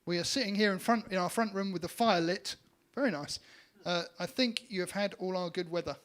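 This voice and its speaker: A man on a band's live stream reading out viewer names and comments, with hesitant pauses. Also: high-pitched, fairly bright tone. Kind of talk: casual live-stream chat.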